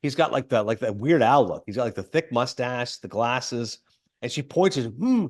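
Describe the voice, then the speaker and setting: A man hosting a film podcast, casually retelling a movie plot with lots of fillers and quick quoted asides. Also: mid-range voice. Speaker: podcast host.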